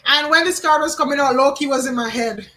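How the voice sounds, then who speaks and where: A woman's voice: high voice, a little fast, pushed and bright. A woman from Jamaica, giving a live psychic card reading and musing aloud, often repeating names and phrases. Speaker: tarot card reader.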